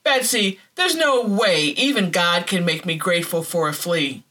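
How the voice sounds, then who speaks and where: A woman's voice: lowish voice, normal speed, pushed and bright. A woman reading the part of a frightened, exasperated woman prisoner, crying out in alarm and disbelief. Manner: alarmed cries, incredulous.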